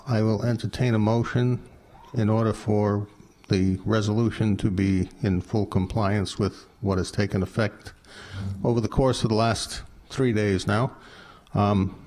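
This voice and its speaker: A man's voice: fairly low pitch, steady tone, a little slow, darkish tone. A man serving as council vice president, chairing the meeting and reading motions in a formal, procedural way. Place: council chamber.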